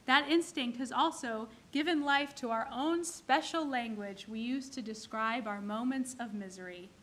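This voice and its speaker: High bright woman giving a sermon. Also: moderate pace. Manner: storytelling, acting out characters in jokes. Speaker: clergy leading a service. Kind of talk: sermon with jokes. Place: synagogue.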